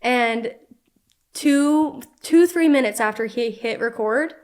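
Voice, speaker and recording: A young woman tells a personal story as a podcast guest. Her voice sits a little high, and she talks in an animated way. She uses many "like" fillers and acts out the quoted lines. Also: slow pace. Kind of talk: casual storytelling.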